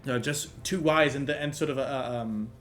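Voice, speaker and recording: A man narrating a tabletop game as game master, pausing often with ums and restarts. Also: medium pitch, a bit bright, a little hiss or hum. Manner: halting, full of ums and restarts.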